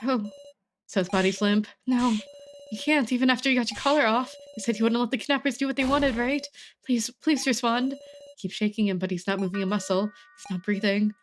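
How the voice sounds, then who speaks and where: A woman's voice: a little high, fairly even intonation, a little fast, faint music behind, natural voice. A woman voicing a despairing teenage girl heroine in a game, reading her earnest inner monologue. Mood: shaken.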